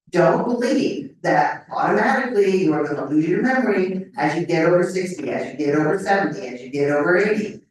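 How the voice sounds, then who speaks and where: An older woman with a fairly low voice lectures to a live audience, keeping it conversational and often checking in with "okay?". She sounds set back from the mic, and a strong echo fills the hall around her. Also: slight background noise. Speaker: memory lecturer. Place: lecture room. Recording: echoey hall mic from a distance.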